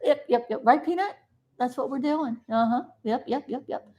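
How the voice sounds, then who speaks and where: A woman vlogging from South Florida chats to camera in a folksy, meandering style, turning aside to talk to her dog. Her voice sits high at a moderate pace, and she erupts loudly at times before sheepishly saying sorry.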